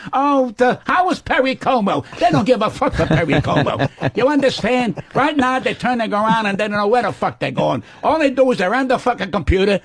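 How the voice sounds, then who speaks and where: A man's voice: high voice, no echo. A man in his late seventies, a comedian guest on a radio talk show, telling stories in a brash, profane way. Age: 70s. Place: radio studio.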